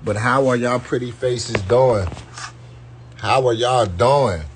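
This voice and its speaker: A man's voice: mid-range voice, takes it slowly, a little hiss or hum. A man giving loose, slangy live-stream commentary and talking straight to his viewers. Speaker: YouTube commentator.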